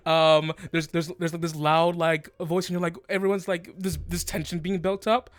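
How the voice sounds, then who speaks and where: A man's voice: a little high, fairly even intonation, normal speed, few pauses, no echo. A man narrating a tabletop game as game master, rambling and laughing often.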